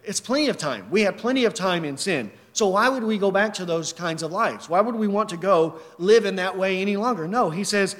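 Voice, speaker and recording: A man's voice: sits high, expressive, normal speed, fairly bright tone. A man preaching a sermon, earnest and emphatic, reading scripture and asking the listeners rhetorical questions. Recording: long hall reverb.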